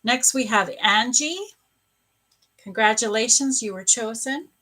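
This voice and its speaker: A woman psychic medium giving a live reading at home, gently sympathetic, halting with pauses and fillers. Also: fairly high pitch. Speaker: spiritual coach and psychic medium. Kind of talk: live psychic reading answering viewers' questions.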